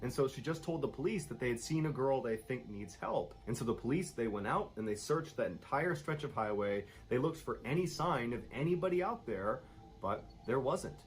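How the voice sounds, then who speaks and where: A man narrating a true-crime style scary story in a steady, suspenseful storytelling manner. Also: medium pitch, normal speed, rough recording.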